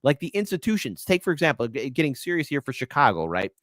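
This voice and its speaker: A man's voice: medium pitch, sing-song, fast, a bit bright, no echo, studio quality. A man co-hosting a casual podcast, talking animatedly and slipping into mocking voices as he riffs. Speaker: guest co-host.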